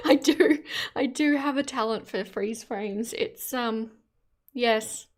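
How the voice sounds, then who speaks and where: A woman hosting a casual livestream, reacting to clips and chatting with her viewers in a giggly, rambling way as she reads their comments aloud. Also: fairly high pitch. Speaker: streamer host.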